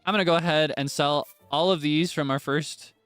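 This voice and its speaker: A man's voice: on the high side, fairly even intonation, fairly quick, fairly bright tone, clear, resonant tone, soft background music. A man streaming a video game, chatting casually in a self-deprecating, giggly way. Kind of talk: casual gameplay commentary.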